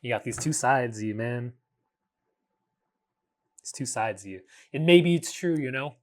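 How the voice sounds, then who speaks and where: A man in his thirties hosts a reflective solo podcast at a middle pitch. He speaks earnestly but haltingly, often restarting sentences and dropping casual curses, and he's expressive throughout.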